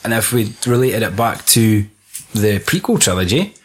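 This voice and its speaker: A man's voice: on the low side, animated, moderate pace, husky. A tired Scottish man co-hosting a casual chat, swearing, joking and laughing often. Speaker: podcast co-host.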